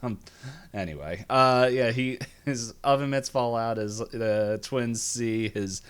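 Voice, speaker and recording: A man's voice: mid-range voice, slow pace, clean tone. A man co-hosting a casual podcast, recapping a cartoon episode, laughing often and acting out characters' lines in silly voices. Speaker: podcast co-host. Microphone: video call or webcam setup.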